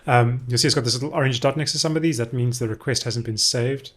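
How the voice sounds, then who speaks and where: A man's voice: medium pitch, fast, a bit bright. A man live-streaming a coding session, explaining his steps casually as he thinks aloud with frequent ums and self-corrections.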